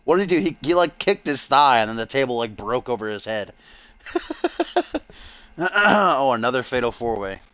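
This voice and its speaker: A man's voice: medium pitch, sing-song, normal speed, long pauses, pushed and bright, no echo. A man streaming live, doing playful mock-broadcast play-by-play commentary on a wrestling video game, with the odd swear.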